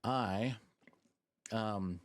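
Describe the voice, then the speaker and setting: A man's voice: on the low side, very slow. A young man streaming live, chatting and rambling jokingly with his viewers while sucking a lollipop. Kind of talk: casual live-stream chat.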